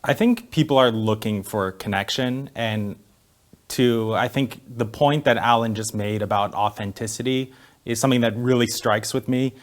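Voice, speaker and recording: Guy on a panel, mid voice, slow and thoughtful answer. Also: mid-range voice. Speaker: travel agency founder, panelist. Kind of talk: panel discussion.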